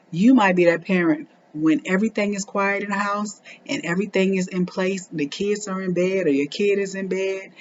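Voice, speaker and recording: A woman's voice: mid-range voice, a little mellow, a little hiss or hum. Earnest mother in her forties, lo-fi. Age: 40s. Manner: earnest, repeats phrases for emphasis, speaks straight to other parents. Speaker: parenting vlogger. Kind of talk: heartfelt motivational talk to camera.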